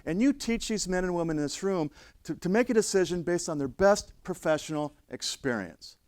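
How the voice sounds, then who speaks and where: Brief: middle-aged male trainer, blunt and conversational, lively pitch, dry close sound. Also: brisk, clean tone, no echo. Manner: blunt, conversational, acts out quoted voices. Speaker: trainer of emergency responders. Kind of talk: classroom lecture with stories.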